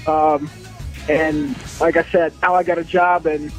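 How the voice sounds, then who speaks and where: A man's voice: fairly high pitch, level tone, a little slow, faint music behind, rough recording. A man from Russia, a native Russian speaker, chatting casually as a caller on a radio show. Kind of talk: phone call into radio show.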